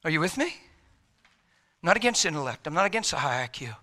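A man preaching a sermon with passion, swinging between shouts and hushed, quiet lines. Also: a little high, big pitch swings, fairly quick.

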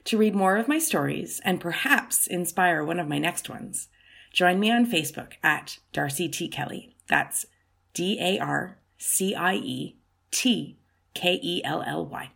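A woman host reading her own short story aloud, softly and often in a near whisper, with a breathy voice. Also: fairly low pitch, measured pace. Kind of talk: storybook narration.

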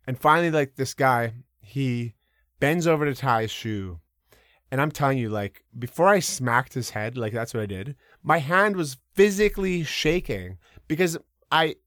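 Animated man telling stories. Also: fairly high pitch, moderate pace, no room sound, studio quality. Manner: animated, many fillers, casual swearing. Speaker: podcast guest. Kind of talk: casual storytelling.

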